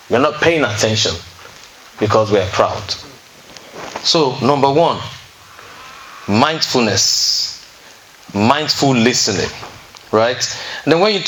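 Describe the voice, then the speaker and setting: This man, speaking on relationships at a singles fellowship, addresses a seated audience in a room in a medium-pitched, fairly bright voice. He keeps the teaching talk conversational, checks in often and tells counseling stories. There is slight background noise and the audio is poor.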